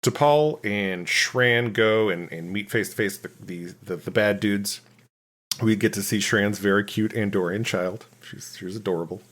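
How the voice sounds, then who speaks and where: A man co-hosting a podcast, recapping a TV episode in a rambling, casual way with many pauses and restarts. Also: on the low side, fairly bright tone. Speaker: podcast co-host.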